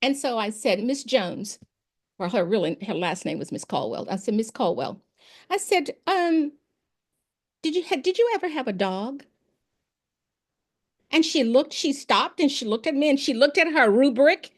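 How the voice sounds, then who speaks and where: A woman's voice: a little high, moderate pace. A woman, a former principal and education expert, telling classroom stories in an informal interview and acting out the dialogue. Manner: animated, acts out dialogue in her anecdotes.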